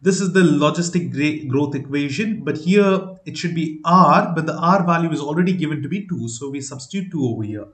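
A man's voice: on the high side, expressive, fairly quick, hardly any pauses, a bit bright, roomy sound. A man teaching a math lesson step by step, patient, asking rhetorical questions and using many fillers. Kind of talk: explaining step by step.

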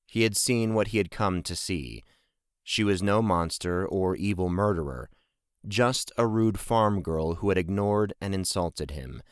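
A man narrating a fantasy audiobook in a measured, steady way. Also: low voice, smooth, no echo, studio quality. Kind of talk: scripted narration.

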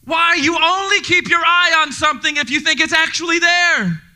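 A male pastor preaching a sermon to his congregation in a church, energetic and joking, speaking directly to the people in the room. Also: extremely high pitch, moderate pace. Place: church sanctuary before a congregation.

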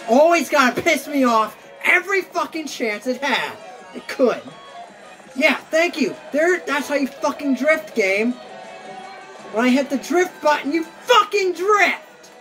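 A woman's voice: high-pitched, lively intonation, a little slow, fairly bright tone, soft background music. A woman recording gameplay commentary, swearing and ranting at the game.

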